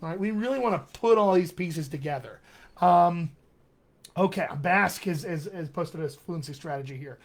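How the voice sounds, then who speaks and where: A man's voice: on the high side, normal speed. A man coaching accents in a live online session, demonstrating sounds and reading viewer comments with eager energy. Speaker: dialect coach.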